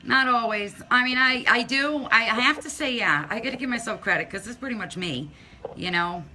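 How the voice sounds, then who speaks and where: A woman chatting casually with viewers on a live stream, in a halting way with frequent restarts and trailing pauses. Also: a little high, sharp tone, slight background noise.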